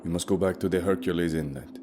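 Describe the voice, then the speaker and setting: A stern adult polar guide, as a man puts him on, steady and formal, every word firm and commanding. The voice sits a touch higher and louder than the narrator's deep tone. A constant hiss runs underneath. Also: quick pace, natural voice. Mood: grave.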